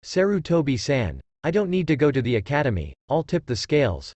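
A man's voice: mid-range voice, wildly swooping pitch, a little fast, darkish tone, no echo. A man reading aloud, voicing a proud boy ninja in a fan story. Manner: proud, insistent.

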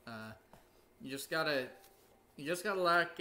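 A man's voice: mid-range voice, unhurried, sharp tone. A man teaching casually on a livestream, rambling and often breaking into sung demonstrations. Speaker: music teacher hosting a livestream.

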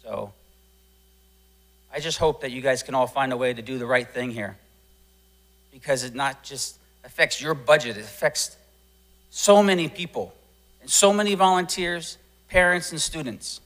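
A man, a band booster parent, giving a frustrated and forceful public comment at a school board meeting. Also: medium pitch, normal speed, pauses often, poor audio.

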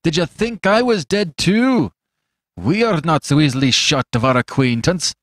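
A man's voice: a little high, expressive, moderate pace, fairly bright tone, dry recording, clean studio sound, voice pushed up. A man voicing a bitter, shabby old male drunkard who speaks fiercely and with scorn.

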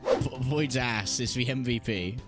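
Over background music, a man with a medium-pitched voice gives comedic, sarcastic voice-over commentary on an esports match at a measured pace. He swears and laughs as he goes.

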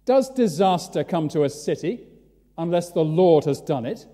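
A man voicing a male open-air prophet who loudly calls rhetorical questions to passers-by, heard in a church with a long reverb. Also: sits high, lively intonation, fairly quick, voice pushed up. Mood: declaiming. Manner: loud, declaiming street-preacher questions.

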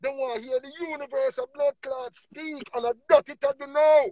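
A man with a Jamaican accent preaching emphatically on a livestream, swinging between low murmurs and loud bursts. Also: steady tone, moderate pace, no room sound. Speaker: livestream speaker.

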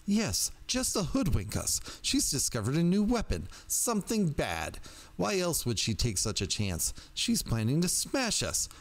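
A man reading aloud, voicing an agitated woman who speaks in shrill, jerky bursts over the phone. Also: huge pitch swings, measured pace, exaggerated voice. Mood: indignant.

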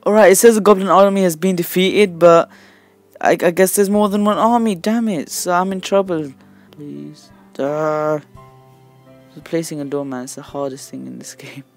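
Teen male gaming host, excitable commentary, loud squeals and quick mumbles, faint music bed. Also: on the high side, no room sound. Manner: shouts and squeals in excitement, then drops to quick mumbled asides.

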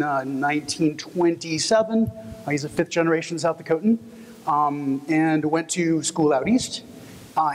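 A man from Texas giving a conference presentation, friendly and personal, telling stories with fillers. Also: on the high side. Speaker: conference speaker. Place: conference hall. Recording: echoey hall, long reverb.

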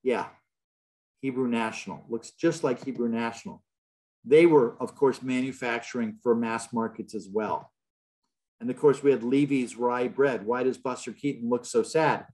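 A man's voice: medium pitch, moderate pace, darkish tone. A man giving an illustrated public lecture in a large hall, telling stories with a wry, joking manner.

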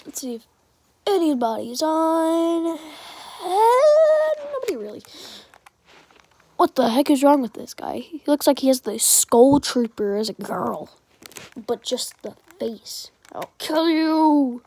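A woman's voice: high voice, unhurried, dark tone, husky. A young woman giving rambling, chatty gameplay commentary and pleading with viewers to subscribe. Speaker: gaming channel creator.

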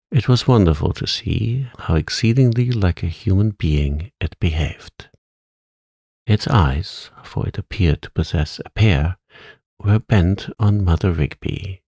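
A man reading a classic story aloud in a calm, soothing, soft-spoken bedtime manner. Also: low-pitched, gravelly, slightly rough, no room sound, clean studio sound. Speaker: audiobook narrator.

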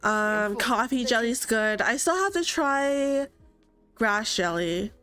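A woman's voice: fairly high pitch, expressive, takes it slowly, a bit bright, smooth. A young woman live-streaming a life-sim game, chatting casually, reading chat aloud, gasping and laughing often. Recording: game music faint behind.

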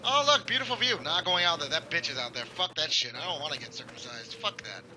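A man's voice: a little high, animated, quick pace, sharp tone, a little hiss or hum, poor audio. A man giving casual, profane commentary while playing a horror game, joking and reacting aloud. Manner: profane, swearing often. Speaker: gaming YouTuber. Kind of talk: casual Let's Play commentary.

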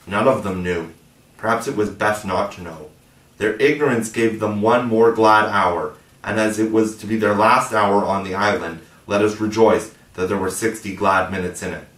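Low-voiced man reading a storybook aloud. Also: moderate pace, a bit bright. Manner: reads steadily, puts on higher voices for the children. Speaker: audiobook reader. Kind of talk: scripted narration. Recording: echoey room, mic at a distance.

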